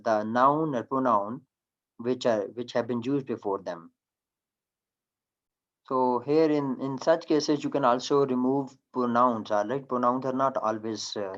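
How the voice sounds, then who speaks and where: A man's voice: mid-range voice, dull audio. A man teaching a recorded grammar lecture over slides, explaining step by step and often repeating and correcting himself.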